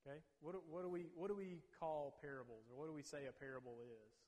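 A man's voice: on the high side, fairly even intonation, quick pace, a little mellow. Man teaching, always asking "okay?". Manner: peppers talk with "okay?" checks. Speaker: Bible teacher. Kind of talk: teaching a Bible lesson to a group. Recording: long reverb.

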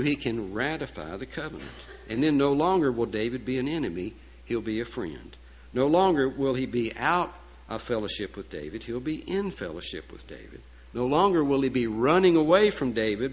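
A man's voice: medium pitch, low-quality recording. A male preacher delivers a sermon in a storytelling style. He slips in folksy, joking asides and keeps asking rhetorical questions. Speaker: pastor.

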